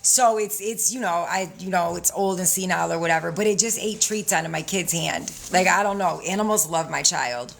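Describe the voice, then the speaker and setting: A woman's voice: on the low side, brisk, creaky, hardly any pauses, fairly bright tone, a little hiss or hum. A young woman hosting a casual livestream, talking bluntly with lots of swearing and frequent laughter. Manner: profane, blunt, laughs often. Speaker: livestream host selling credit classes.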